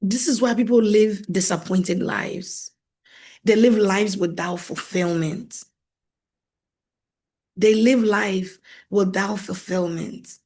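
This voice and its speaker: A woman marriage coach giving a faith-based teaching talk, animated, laughing often and acting out quoted voices, repeating phrases for emphasis. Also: medium pitch, takes it slowly, pauses often, breathy edge.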